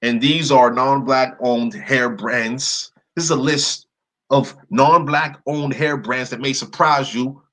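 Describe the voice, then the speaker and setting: A man's voice: medium pitch, steady tone, slow pace, fairly bright tone, low-quality recording. A man giving a screen-share commentary, reading long word lists aloud in a blunt manner and cursing now and then. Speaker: presenter.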